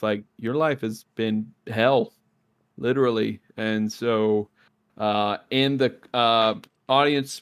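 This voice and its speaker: A man's voice: mid-range voice, clear, resonant tone. A man on a podcast, recapping a TV episode in casual chat and acting out the characters' lines as he goes. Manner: animated, acts out characters' lines while retelling scenes. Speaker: podcast co-host.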